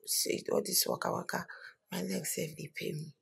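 A woman's voice: lowish voice, steady tone, moderate pace, vocal fry. An actress with a Nigerian Pidgin accent playing a poor young village woman looking for work, chatty and scolding. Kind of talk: scripted drama acting.

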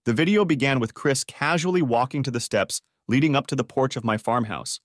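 A man narrating a story in the first person, with an animated, scripted delivery. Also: mid-range voice, brisk, dry recording, clean studio sound.

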